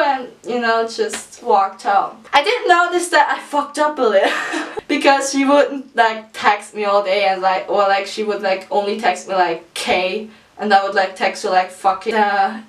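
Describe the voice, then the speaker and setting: Teen vlogger, chatty and profane, a bit high, mic at a distance. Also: female voice, a little slow, echoey room. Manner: chatty, profane, lots of "like" fillers, laughs through it. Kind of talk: casual storytime vlog.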